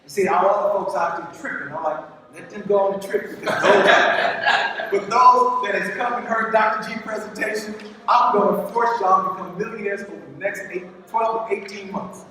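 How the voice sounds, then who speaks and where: Animated man in an echoey hall. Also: high-pitched, normal speed. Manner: preacher-like, calls out to the crowd, repeats phrases. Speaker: conference speaker. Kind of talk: animated motivational speech. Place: large conference hall. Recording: echoey hall from far off, faint noise.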